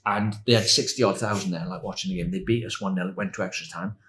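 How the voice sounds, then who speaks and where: A man in his sixties, a former footballer, telling animated anecdotes as a podcast guest and laughing as he goes. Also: deep voice, quick pace. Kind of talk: anecdotal storytelling.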